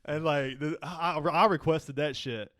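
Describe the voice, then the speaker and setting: A man's voice: on the high side, steady tone, measured pace, fairly bright tone, no echo, studio quality. A man co-hosting a casual podcast chat, joking around, swearing freely and laughing often. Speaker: podcast co-host.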